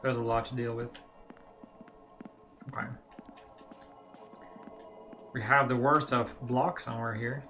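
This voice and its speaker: A man's voice: mid-range voice, level tone, takes it slowly, long pauses, bright, forceful tone, soft background music. A man talking through a horror game, casual let's-play commentary with chatty asides to himself. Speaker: gaming channel host.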